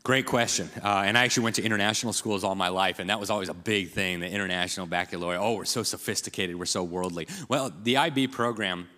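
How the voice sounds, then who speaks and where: A man's voice: fairly low pitch, quick pace, few pauses, bright, forceful tone. A man giving an impassioned, rallying speech at a conference, addressing the crowd as folks. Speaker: conference speaker. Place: large conference hall. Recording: long hall reverb.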